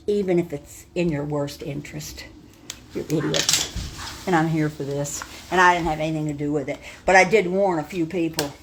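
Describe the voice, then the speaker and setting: A woman's voice: low voice, slight background noise. Blunt, chatty older woman from New York. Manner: chatty and blunt, talking to viewers by name. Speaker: vlogger. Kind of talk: casual home tour vlog. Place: her house and front yard, in and out of doors.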